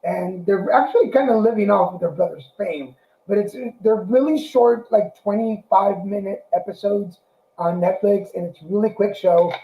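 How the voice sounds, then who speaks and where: A man co-hosting a casual show, calmly recommending a series, a little hesitant, with fillers. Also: high-pitched, moderate pace, roomy sound, rough recording. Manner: relaxed, slightly hesitant with fillers. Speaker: podcast co-host.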